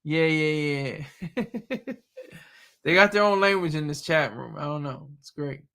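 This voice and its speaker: A man's voice: a little high, unhurried, gravelly, a bit bright, smooth. A young man from Delaware chatting casually on a livestream, joking, laughing often and rambling. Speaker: livestream host. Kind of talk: casual live chat.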